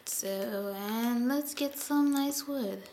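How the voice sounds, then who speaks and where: A woman's voice: fairly high pitch, extremely slow, a little mellow, slight background noise. A woman giving casual gameplay commentary, chatty and sighing often as she talks to the animals in her game. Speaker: gameplay video host.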